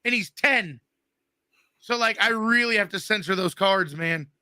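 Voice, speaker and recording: A man's voice: sits high, bright, forceful tone, smooth, no echo, studio quality. A man in his thirties, guest host, telling crude, joking stories in a casual chat. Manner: profane storytelling, quick and joking.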